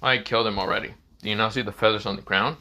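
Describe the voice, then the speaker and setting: A man's voice: fairly low pitch, fairly even intonation, rapid-fire, pushed and bright. A man voicing a cold, harsh young male swordsman in a fan story, speaking in curt, blunt replies.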